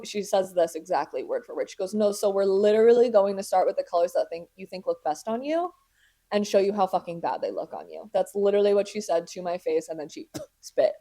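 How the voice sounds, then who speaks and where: This podcast host, a woman in her twenties, has a mellow mid-range voice. She recounts a story in casual chat, adding sarcastic, dramatic asides and performing different voices.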